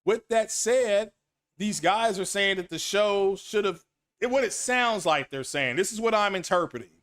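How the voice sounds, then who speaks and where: A man's voice: high-pitched, moderate pace. A middle-aged man hosting a casual gaming talk stream, rambling and repeating himself as he answers chat. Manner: animated, rambling, repeats himself, reads chat names aloud. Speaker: gaming commentary host. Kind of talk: casual solo stream commentary.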